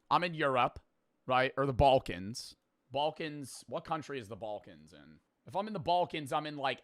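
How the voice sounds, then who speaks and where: A man's voice: mid-range voice, bright, forceful tone, dry recording, clean studio sound. A young man streaming, reacting with brash, profane, jokey commentary. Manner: brash, swears freely, jokey.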